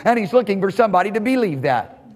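A male pastor preaching a sermon at a church service. He preaches fervently, jumps from sudden shouts to a low, quiet voice, and chuckles between phrases. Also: sing-song, fast talker, big-room sound.

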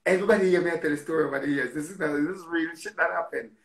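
A man with a Jamaican accent telling a story in a casual, animated way, repeating words and swearing freely. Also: fairly high pitch, racing, reverberant.

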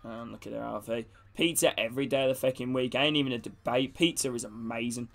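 A man's voice: mid-range voice, steady tone, fast talker, creaky, fairly bright tone. A young man streaming a football video game, greeting his chat and geeing up his teammates, with casual swearing. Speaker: gaming streamer. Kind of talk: live gameplay chat with viewers.

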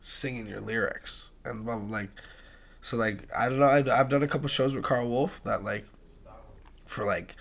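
Animated young man, casual podcast guest. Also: mid-range voice, normal speed, creaky. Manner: animated storyteller, swears freely, swings from soft to loud laughing bursts. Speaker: guest, music producer and tattoo artist.

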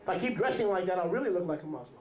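A man's voice: high-pitched, expressive, rapid-fire, a crowd in the background. Joking man preaching in a roomy hall. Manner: joking, conversational, asks the audience questions. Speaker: rabbi, teacher. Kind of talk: sermon teaching.

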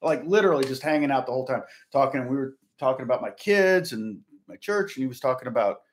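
A man's voice: mid-range voice, expressive, fast talker, a little hiss or hum. A man, a guitar teacher, telling a casual story and stopping often to correct himself. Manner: rambling, stops to correct himself.

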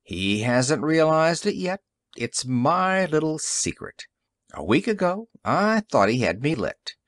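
A man voicing a bitter, gruff police detective in an audiobook story, growling and sarcastic. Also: fairly high pitch, big pitch swings, slow, a bit bright, no room sound, clean studio sound, voice pushed up, full character voice. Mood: gloating.

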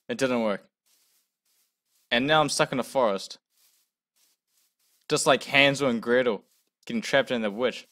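A man's voice: medium pitch, measured pace, pauses often. Jittery young man narrating his gameplay. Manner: jumpy, talks himself through his fear, swings from muttering to yelling. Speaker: gamer playing a first session. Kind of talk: casual let's-play commentary.

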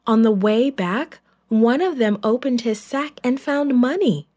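A woman narrating a children's Bible story in a gentle, clear, deliberate way. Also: on the high side.

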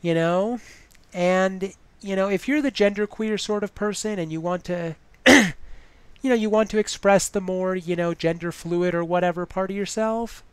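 A woman's voice: medium pitch, measured pace, clear, resonant tone, no room sound. A woman giving advice in a casual vlog, chatty and full of "you know" fillers.

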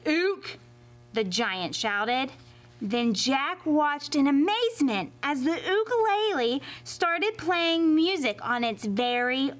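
A woman reading a fairy tale aloud to children as a library storyteller, expressive and animated. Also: high-pitched. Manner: expressive and animated, addressing kids.

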